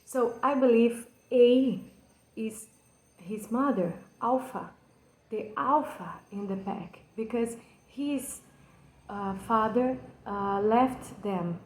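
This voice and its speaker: A woman's voice: on the high side, darkish tone, roomy sound, poor audio. A woman from Brazil with a Brazilian Portuguese accent, speaking English as a second language. She explains a poem earnestly, with hesitations and restarts. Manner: hesitant, with many fillers and restarts, passionate. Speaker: channel host explaining a poem. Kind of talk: slow, earnest spoken explanation.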